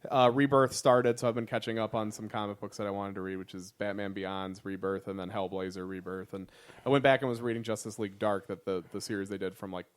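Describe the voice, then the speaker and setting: A man's voice: on the low side, steady tone, fast talker. A young man co-hosting a casual podcast, rambling with profane, laughing enthusiasm. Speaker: podcast co-host. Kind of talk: casual comedic chat.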